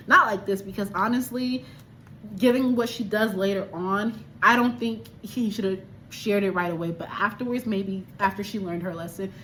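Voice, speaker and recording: A woman's voice: mid-range voice, a bit bright, slight background noise. A woman from Liberia chatting animatedly and exclaiming as she reviews a film. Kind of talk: casual movie review.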